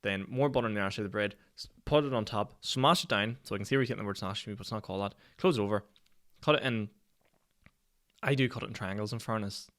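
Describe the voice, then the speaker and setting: Talking fast in a lowish, fairly bright voice, a young Northern Irishman in his twenties hosts a casual solo podcast. He spins rambling tales that poke fun at himself, with lots of cursing and laughter.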